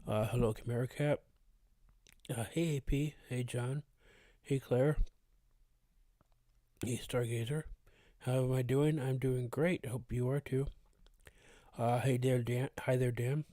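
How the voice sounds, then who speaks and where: A man hosting a live stream, chatting casually with viewers, his voice slightly rough as it recovers. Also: medium pitch, measured pace, long pauses, no echo, clean studio sound. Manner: relaxed, greets chat viewers by name, frequent uh fillers. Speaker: horror story channel host.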